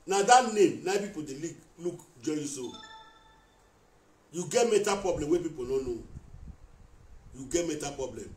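A man's voice: fairly high pitch, expressive, moderate pace, long pauses, a little mellow. A man with a Nigerian Pidgin accent in a heated live-stream rant, accusing and repeating himself while talking straight at someone. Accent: Nigerian Pidgin English. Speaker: vlogger addressing a rival on a live video. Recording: echoey room, mic at a distance.

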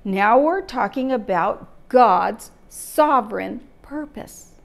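A woman teaching a church Bible lesson, emphatic and steady, asking her listeners rhetorical questions. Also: a little high, slow pace, creaky.

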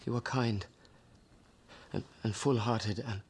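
A man's voice: fairly low pitch, steady tone, measured pace, background noise. An actor playing a stiffly formal young nobleman making earnest declarations in a period drama.

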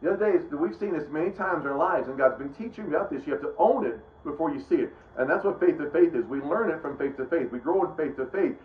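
A man's voice: on the high side, expressive, fast, hardly any pauses, slight background noise. Rambling middle-aged man preaching casually. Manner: rambling, conversational, self-interrupting. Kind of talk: casual Bible teaching. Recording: roomy, dull lo-fi sound.

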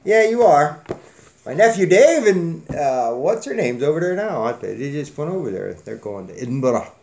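A man's voice: fairly high pitch, sing-song, normal speed, creaky, a little mellow, slight background noise. A man hosting a casual giveaway drawing on his channel, joking and rambling in a folksy way. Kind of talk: casual chat.

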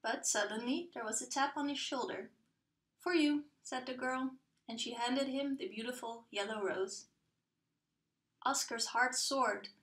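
High-voiced woman reading a children's story. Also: steady tone, a little slow, a bit bright, echoey room. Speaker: storybook reader. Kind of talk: children's storybook read-aloud.

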